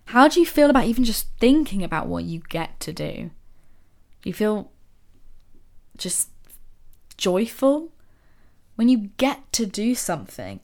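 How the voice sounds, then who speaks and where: A woman hosting a podcast, talking to listeners in a casual motivational monologue full of rhetorical questions and soft asides. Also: medium pitch. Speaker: podcast host.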